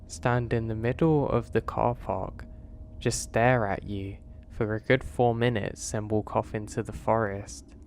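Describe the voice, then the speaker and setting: A man's voice: lowish voice, fairly even intonation, unhurried, a little hiss or hum. A man voicing an odd, blunt rural gas station attendant who asks pushy questions.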